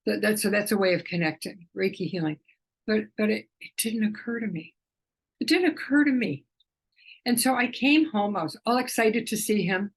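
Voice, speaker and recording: A middle-aged woman, an animal communicator, telling a rambling, emotional personal story in a gentle way. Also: mid-range voice, normal speed, slightly rough, poor audio. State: tearful at times.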